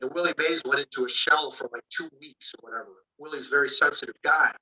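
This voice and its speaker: A man, an author, telling a lively anecdote in a casual, rambling way, acting out the dialogue with lots of fillers. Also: fairly high pitch, fast, husky, far from the mic, poor audio. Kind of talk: casual storytelling.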